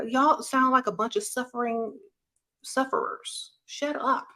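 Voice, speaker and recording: A woman's voice: a little high, measured pace, bright, forceful tone. A woman giving blunt relationship advice, scolding her listeners and mocking them. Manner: brash, scolding, mocks others in a whiny voice.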